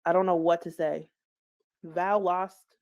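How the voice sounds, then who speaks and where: A woman's voice: lowish voice, fairly even intonation, takes it slowly, a little mellow, dull audio. A woman giving casual, gossipy commentary on online drama. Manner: chatty, gossipy, laughs at own stumbles. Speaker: commentary streamer.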